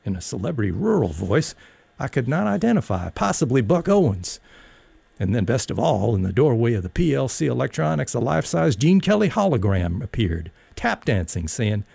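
Brief: male audiobook narrator, very gravelly, husky, wry storyteller. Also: medium pitch, very animated, normal speed, warm tone, no echo. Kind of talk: audiobook reading, first-person story.

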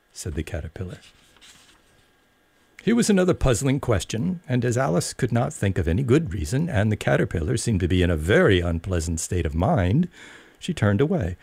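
A man reads a storybook aloud in a low, gravelly voice with a husky grain. His delivery is measured and expressive, with a lively melody. The sound is close and dry, with no room around it. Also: no echo. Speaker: narrator. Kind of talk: storybook reading.

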